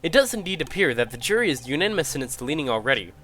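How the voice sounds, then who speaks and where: A man's voice: on the high side, sing-song, rapid-fire, pushed and bright, a little hiss or hum. A man voicing a formal older judge presiding over a court, with stately courtroom phrasing.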